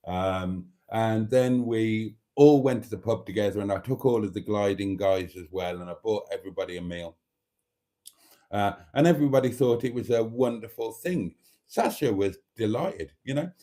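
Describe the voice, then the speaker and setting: A man's voice: on the low side, dark tone, low-quality recording. A man hosting a live stream, chatting and telling rambling stories with laughs and teasing asides. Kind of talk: casual chat and storytelling.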